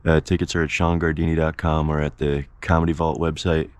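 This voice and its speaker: Deep, flat-voiced man announcing a gig. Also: fairly quick, clear, resonant tone. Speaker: comedian. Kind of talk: promo announcement.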